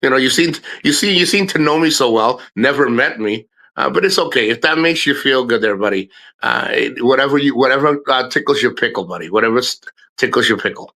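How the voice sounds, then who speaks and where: A man's voice: mid-range voice, expressive, brisk, gravelly, pushed and bright. A middle-aged man streaming live, talking casually and candidly, swearing and restarting his sentences often. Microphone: streaming microphone.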